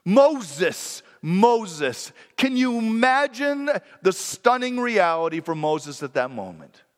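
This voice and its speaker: A man's voice: sits high, lively intonation, unhurried, fairly bright tone, in a large hall. A man preaching a sermon in an earnest, reflective way, sometimes correcting himself mid-sentence.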